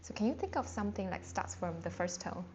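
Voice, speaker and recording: A woman who speaks natively teaching a live online beginner lesson, chatty and full of fillers, slowly sounding out Chinese words with exaggerated tones. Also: medium pitch, animated, a little mellow. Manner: chatty, loose, with many fillers and self-restarts. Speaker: Mandarin teacher. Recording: dull lo-fi stream audio with faint background noise.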